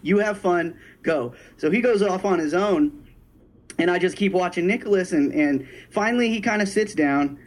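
A man telling a story in casual chat, animated and profane, acting out the people he quotes. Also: sits high, moderate pace.

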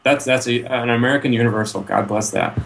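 A man's voice: medium pitch, fast talker, gravelly, fairly bright tone. Laid-back, rambling man in casual chat. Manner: laid-back, swears freely, rambling asides; trails off with frequent "you know".

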